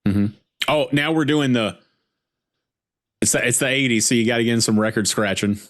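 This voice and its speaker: A man hosting a casual movie watch-along podcast, chatting in a jokey, animated way. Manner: animated, jokey, quick pitch jumps. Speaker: podcast host.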